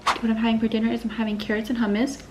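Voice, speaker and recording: A woman's voice: fairly high pitch, completely flat delivery, racing, background noise. A young woman vlogging in a casual, chatty way, gushing and emotional as she talks to her viewers. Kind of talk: casual chat to camera.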